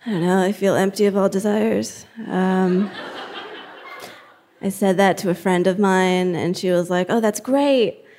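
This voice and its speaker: A young woman from New Jersey doing a stand-up comedy set, with a deadpan, halting delivery full of fillers. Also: medium pitch, a little hiss or hum.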